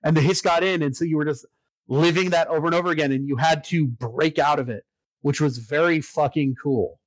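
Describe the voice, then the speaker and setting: A man in casual chat, recapping a video game story with lots of fillers and swearing, getting excited about it. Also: on the high side, brisk, dry recording, low-quality recording.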